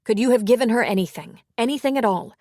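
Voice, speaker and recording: A woman doing a steady emergency dispatcher. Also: on the high side, fast talker, no echo, studio quality, voice pushed up, close to an everyday voice. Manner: steady, methodical questioning. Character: calm female emergency dispatcher.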